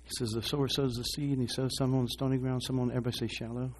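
A man's voice: medium pitch, little pitch movement, fast, a little mellow, slight background noise. A man preaching a sermon, asking the congregation to respond and acting out short voices. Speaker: pastor.

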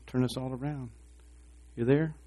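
A man's voice: medium pitch, steady tone, moderate pace, mellow. A man preaching a sermon, asking the congregation to respond and acting out short voices. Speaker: pastor.

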